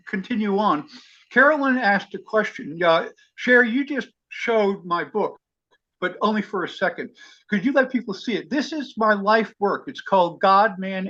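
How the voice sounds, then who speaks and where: A man leading an online study class over a video call, effusive and eager, spelling things out slowly for his listeners. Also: sits high, animated, pushed and bright, highs cut off. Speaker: class leader.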